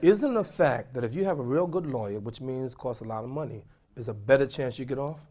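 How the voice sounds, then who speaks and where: A man with a brisk, medium-pitched voice teaches a class as an imam. He is animated, throwing questions at the audience and repeating points to drive them home.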